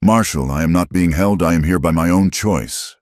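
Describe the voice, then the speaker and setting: A man voicing a defiant young frontier woman who shouts back at her accusers. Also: low voice, moderate pace, no room sound, clean studio sound, lightly acted. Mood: shouting.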